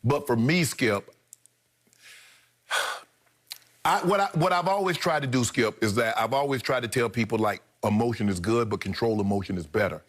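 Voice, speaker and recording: A middle-aged man co-hosting a studio sports debate, talking in a colloquial, animated and incredulous way. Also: medium pitch, normal speed, long pauses.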